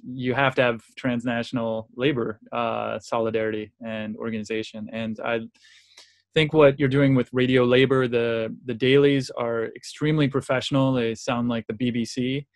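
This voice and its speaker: A man hosting a labour podcast, earnest, asking long and winding interview questions. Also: medium pitch. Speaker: podcast host.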